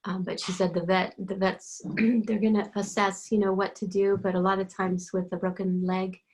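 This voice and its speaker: A woman's voice: mid-range voice, little pitch movement, moderate pace. A woman working as an animal communicator, telling a casual, meandering story full of asides. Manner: meandering, digressive, lots of asides.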